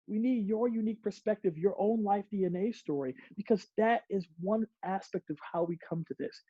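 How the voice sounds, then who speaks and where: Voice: mid-range voice, normal speed, slightly rough, no echo, dull audio. A presenter giving a diversity workshop to a group in a playful way, acting out examples and laughing often.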